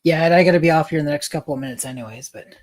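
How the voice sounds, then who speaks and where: A man's voice: a little high, racing. A man co-hosting a livestream, chatting casually in a laid-back way with dry quips. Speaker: co-host of a livestream.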